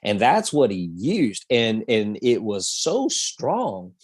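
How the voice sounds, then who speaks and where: A man's voice: on the low side, huge pitch swings, slow pace, slightly rough, dry recording. Rambling male history podcast storyteller. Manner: storytelling, many fillers and restarts. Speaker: podcast co-host. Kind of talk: casual history chat.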